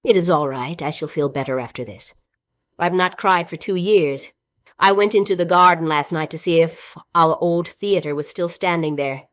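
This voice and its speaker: A woman reading the role of a weary, fragile young actress in a play reading, with heartfelt, halting delivery. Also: lowish voice, fairly bright tone, no room sound, clean studio sound, close to an everyday voice. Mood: sorrowful.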